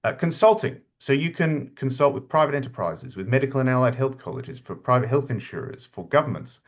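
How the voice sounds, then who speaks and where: A man's voice: mid-range voice, animated, a little fast, highs cut off. A middle-aged man gives an informal slide lecture as an academic lead, chatty, with many fillers and restarts. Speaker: university academic lead presenting a webinar.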